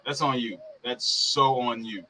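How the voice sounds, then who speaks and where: Bright-voiced man ranting on a podcast. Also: medium pitch, measured pace, a little hiss or hum, poor audio. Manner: heated, ranting, profane, laughs often. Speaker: podcast co-host. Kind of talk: casual sports podcast chat.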